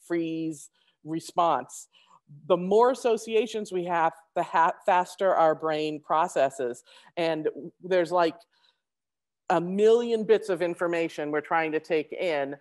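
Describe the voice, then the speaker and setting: A woman giving a conference presentation, talking fast with many restarts and fillers. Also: on the low side.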